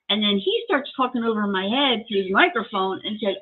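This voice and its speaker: A woman's voice: medium pitch, fairly quick, breathy edge. Chatty woman on tinny audio. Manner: chatty, animated storyteller. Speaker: host selling collectibles. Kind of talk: casual sales chat and storytelling.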